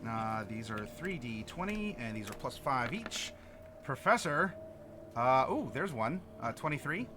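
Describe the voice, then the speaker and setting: A man's voice: medium pitch, big pitch swings, a little slow, noisy background. A man running a tabletop game as game master, talking casually with many fillers and laughs.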